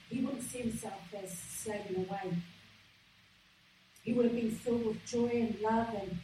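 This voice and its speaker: A woman delivers a sermon in an earnest, halting way, often pausing on fillers and restarting her sentences. Her voice sits a little high. The sound rings around a very echoey hall, picked up from some distance with faint room ambience behind. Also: darkish tone, slight background noise. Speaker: preacher.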